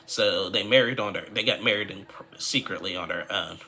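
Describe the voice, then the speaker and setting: A man in casual recap mode, rambling and restarting as he acts out quotes from the show. His voice sits fairly low but sounds very bright and forward. Faint noise hums behind him. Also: a little fast. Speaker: TV recap vlogger.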